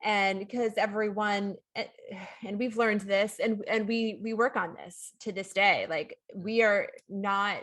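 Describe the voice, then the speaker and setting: Slow, halting woman wellness coach. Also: medium pitch, steady tone, fairly bright tone. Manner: halting, many ums and restarts. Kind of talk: casual coaching talk. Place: sitting on a couch indoors.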